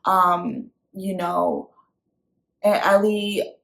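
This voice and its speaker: A woman's voice: medium pitch, drawn-out words, poor audio. A young woman, a mother and vlogger, giving casual parenting advice in a chatty way and acting out what her child might say. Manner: chatty, animated when quoting her child.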